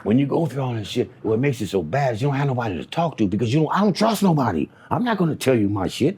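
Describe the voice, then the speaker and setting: A man being interviewed, telling a personal story in a halting, repetitive, profane way, with stammering restarts. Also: mid-range voice, very animated, a little mellow, slightly rough.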